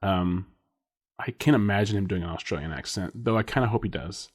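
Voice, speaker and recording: Male podcast co-host, fairly low voice, loose rambling delivery with lots of laughter. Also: fairly quick. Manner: rambling, laughs often, speculative. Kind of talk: casual chat.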